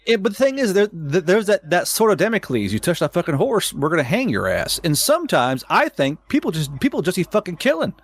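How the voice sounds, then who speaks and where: A man's voice: high-pitched, huge pitch swings, fairly quick, hardly any pauses. A man from Oklahoma, ranting heatedly in a casual podcast chat, swearing often and stumbling over repeated words. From Oklahoma, USA. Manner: heated, profane ranting with many stuttered restarts.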